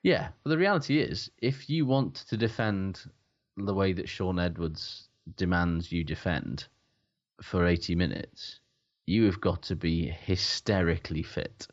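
Male rugby pundit, very deep voice, blunt and sweary, slightly muffled recording. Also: measured pace. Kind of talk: casual sports podcast chat.

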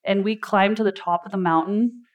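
A woman's voice: medium pitch, normal speed, lo-fi sound. A woman life coach giving a motivational talk at a live event indoors, chatty and storytelling, laughing often.

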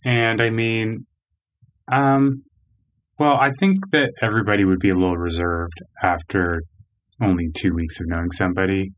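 Low-voiced man giving opinions casually. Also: steady tone. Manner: measured, opinionated, hedging with "I mean". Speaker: podcast co-host. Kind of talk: casual recap chat.

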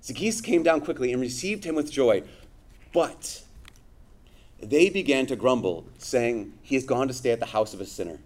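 A man giving a conversational sermon to his congregation, animated, with frequent asides. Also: medium pitch, normal speed. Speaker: priest.

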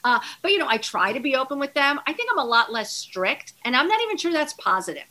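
A woman's voice: high voice, big pitch swings, fast talker, sharp tone. A middle-aged woman chatting as a podcast guest, rambling with lots of fillers and restarts. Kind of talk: casual chat.

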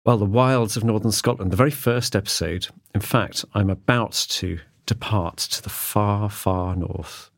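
A man's voice: on the low side, steady tone, unhurried, hardly any pauses, no room sound. A man hosting a podcast in a studio, chatty and self-mocking, laughing often. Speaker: podcast host. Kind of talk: casual studio chat.

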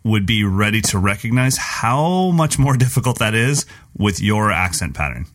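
A man's voice: fairly low pitch, animated, moderate pace, a bit bright. A middle-aged man co-hosting a podcast, joking around and scatting drum patterns aloud. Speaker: podcast co-host. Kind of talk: casual chat.

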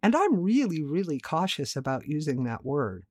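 A woman's voice: deep voice, big pitch swings, normal speed, darkish tone, no room sound, studio quality. A woman hosting a self-help podcast, talking candidly and emphatically, with offhand swearing. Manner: emphatic, repeats words for stress. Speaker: podcast host.

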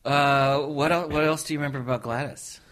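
Male podcast host man, attentive questioner, mid-low pitch. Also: steady tone, fairly quick, a bit bright. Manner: attentive, asks open questions. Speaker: interviewer host. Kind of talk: casual interview.

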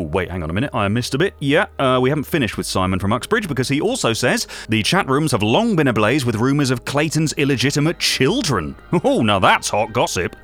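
An actor playing a gossipy, self-regarding British local radio host with a British accent, rambling from one aside to the next in a comedy radio monologue. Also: male voice, mid-range voice, fairly bright tone.

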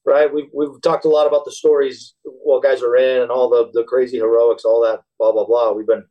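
A man's voice: medium pitch, flat delivery, a little fast, dull audio. A man, a former special operations soldier, talking casually as a podcast guest, hesitant and repeating words as he thinks. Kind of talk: casual interview chat.

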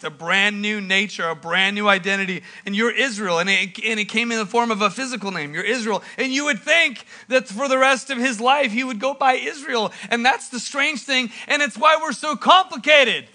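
Very high, bright-voiced preacher. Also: male voice. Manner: animated preaching, dramatic pauses, sudden loud bursts. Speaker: pastor. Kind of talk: sermon.

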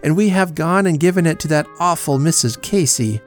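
A man's voice: a little high, animated, brisk, faint music behind, voice pushed up, natural voice. A man doing a fretful young wife. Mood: distraught. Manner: fretful, earnest pleading. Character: young anxious newlywed wife.

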